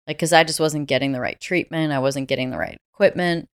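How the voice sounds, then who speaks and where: Woman, low pitch, smooth clear voice, dry close mic, candid storytelling guest. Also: steady tone, fast, no room sound. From United States. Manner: reflective, candid, laughs easily. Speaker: interview guest. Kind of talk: conversational storytelling.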